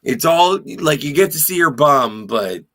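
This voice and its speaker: A man's voice: a little high, expressive, measured pace, bright, forceful tone. A man co-hosting a podcast, chatting enthusiastically about a TV episode with jokey, profane asides. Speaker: podcast co-host. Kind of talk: casual chat recapping a TV episode.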